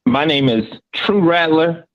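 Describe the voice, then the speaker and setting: A man's voice: fairly high pitch, a little slow, lo-fi sound. A middle-aged man from Florida calling in to a sports show, politely working through points he wrote down. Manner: polite, reading prepared points. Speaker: caller.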